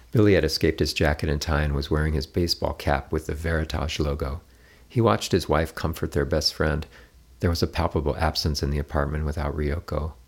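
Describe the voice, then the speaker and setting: A man reading a novel aloud in a steady, measured narration. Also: a bass voice. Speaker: audiobook narrator. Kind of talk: scripted narration.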